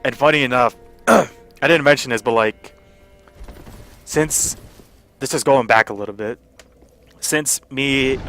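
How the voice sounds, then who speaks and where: A man's voice: mid-range voice, a bit bright. A young man casually telling a rambling story over gameplay, full of fillers and swearing. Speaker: gaming channel host.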